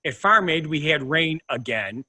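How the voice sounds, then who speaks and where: A man's voice: on the high side, lively intonation, normal speed, a crowd in the background. A man from the Midwest co-hosting a casual podcast, chatting and reading segments aloud. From American Midwest. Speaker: co-host.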